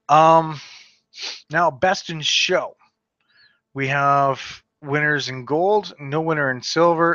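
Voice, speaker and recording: A man's voice: fairly high pitch, bright, forceful tone, no echo, dull audio. A man from Western Canada hosting a casual solo podcast, reading out a list and stumbling over names with offhand asides. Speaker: podcast host.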